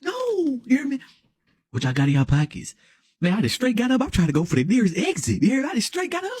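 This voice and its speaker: A young man telling a wild comedic story, dramatic and excitable, full of slang and constantly asking "you hear me?". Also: high voice, fast, slightly rough. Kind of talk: animated comedic story time.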